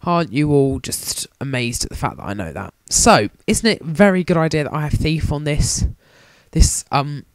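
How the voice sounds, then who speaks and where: A man's voice: a little high, expressive, normal speed, no room sound. A young man giving jokey, rambling, self-mocking commentary on a handheld game he is playing. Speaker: let's play commentator.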